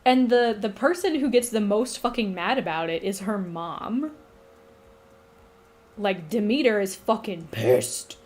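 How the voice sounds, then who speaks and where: A woman's voice: medium pitch, lively intonation, a little slow, darkish tone. A woman streaming who chats casually, retelling a myth in a rambling, profane, giggly way. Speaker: streamer and map maker.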